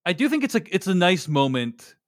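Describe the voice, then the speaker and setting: A man's voice: sits high, sing-song, brisk, dry recording, clean studio sound. A man co-hosting a film podcast, laughing often and making wry complaints. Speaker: podcast co-host. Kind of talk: casual film review chat.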